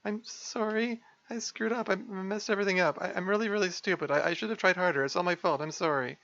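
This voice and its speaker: A man's voice: on the high side, lively intonation, quick pace, pushed and bright, no echo, dull audio, pitched above the performer's own voice. A man voicing an anxious, cheerful teenage girl who stammers and blames herself, reading a visual novel aloud. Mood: pleading. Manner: stammering, self-blaming.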